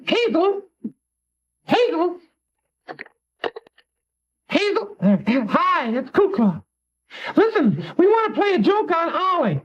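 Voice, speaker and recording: Kukla, a squeaky fussy little puppet. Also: male voice, sing-song, slow, pauses often, exaggerated voice. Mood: fretful. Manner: high, eager, chattering. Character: small bald male puppet, earnest and fussy. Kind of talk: live 1950s television puppet show. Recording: dull lo-fi 1950s TV audio.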